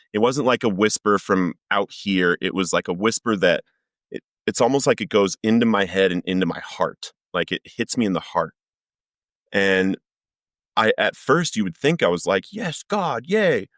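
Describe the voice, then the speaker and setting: Very low-voiced man telling his story. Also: moderate pace, a bit bright, dry recording, studio quality. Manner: earnest, vivid storytelling that acts out quoted lines. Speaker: podcast guest. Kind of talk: personal recovery testimony.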